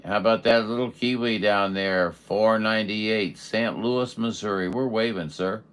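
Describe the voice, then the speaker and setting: A man's voice: fairly low pitch, unhurried, hardly any pauses, fairly bright tone, clear, resonant tone. A man working amateur radio contacts, chatting in a folksy way with lots of fillers.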